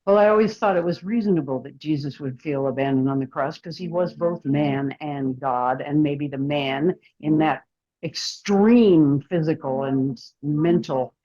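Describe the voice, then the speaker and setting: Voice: mid-range voice, a little slow. Supportive co-host on a muffled line. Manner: supportive, affirming listener.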